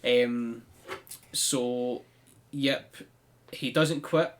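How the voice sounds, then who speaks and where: A podcast co-host with a medium-pitched voice, fairly even intonation, and drawn-out words casually recaps a wrestling show. He's a chatty storyteller who says "um" and "like" a lot.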